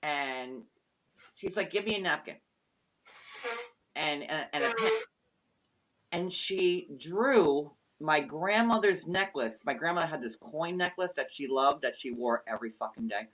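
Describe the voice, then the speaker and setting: Guy on a live stream telling a wild story, all animated and swearing for emphasis. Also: fairly high pitch, a little slow. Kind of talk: casual storytelling.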